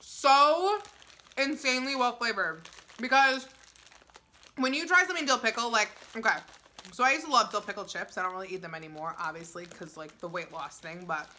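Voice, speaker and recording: Very bright-voiced excitable young woman. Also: on the high side, brisk. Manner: gushing, excitable, filler-heavy. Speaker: YouTuber. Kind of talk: casual food-tasting vlog.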